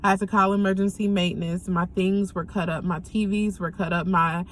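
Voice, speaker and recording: A young woman giving a candid personal testimony, speaking earnestly and haltingly with frequent pauses and ums. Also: on the low side, flat delivery, slight background noise. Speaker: vlogger sharing a personal story.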